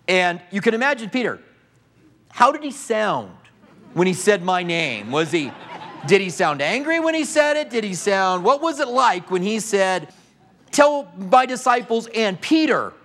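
A man's voice: high-pitched, big pitch swings, normal speed, a bit bright. A man preaching a sermon, retelling a story vividly and asking his listeners questions.

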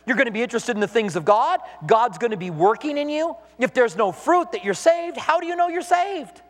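Male pastor, animated sermon delivery, high lively pitch, reverberant church hall. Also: brisk. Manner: animated preaching, acting out quoted voices with big pitch swings.

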